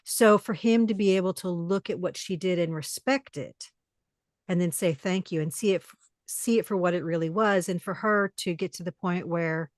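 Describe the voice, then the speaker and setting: Thoughtful woman with a lower voice. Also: normal speed, dry recording, studio quality. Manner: thoughtful, analytical. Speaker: co-host. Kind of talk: casual chat.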